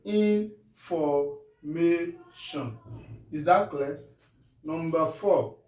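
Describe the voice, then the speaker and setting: A man with a Nigerian English accent gives a spelling lesson, slowly stretching words into syllables and checking whether it is clear. His voice sits a bit high but sounds mellow. It is heard from a distance in an echoey room. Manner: checks in often, asking if it is clear; drawn-out syllable-by-syllable pronunciation. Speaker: teacher.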